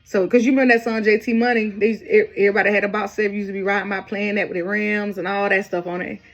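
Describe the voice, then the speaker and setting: A woman telling a personal story in a loose, rambling way, jumping up in pitch when she quotes people. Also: level tone, quick pace, muffled recording. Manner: casual, rambling, quoting others with raised pitch. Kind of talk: casual storytelling.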